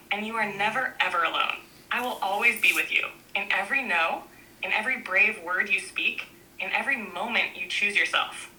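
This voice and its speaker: A woman narrating a book aloud in a gentle, reassuring way, speaking in short, repeated affirmations. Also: mid-range voice, rough recording.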